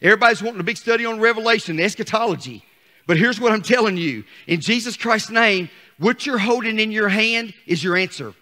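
An older man preaching a fervent sermon as pastor, calling on the congregation and rising to shouts. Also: high-pitched, expressive, fairly quick.

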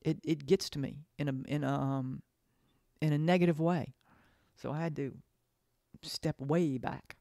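A low-pitched, mellow woman's voice with vocal fry and a steady tone leads this casual, heartfelt podcast monologue. She hesitates, repeats herself, and lets sentences trail away before restarting, in clean studio sound with no echo.

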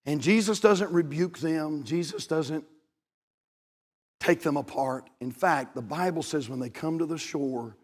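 A man preaching as a pastor, impassioned and repeating his phrases, rising to shouts at the high points. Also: unhurried. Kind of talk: sermon. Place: church sanctuary. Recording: long reverb of a church hall.

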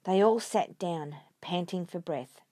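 A woman reading a children's storybook aloud, expressive and lively. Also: lowish voice, measured pace, dry recording, studio quality.

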